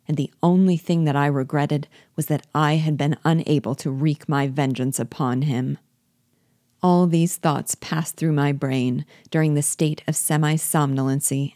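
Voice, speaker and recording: Woman reader, audiobook narration, low voice, dry close sound, measured and expressive. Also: no echo. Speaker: reader of classic novels. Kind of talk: audiobook reading.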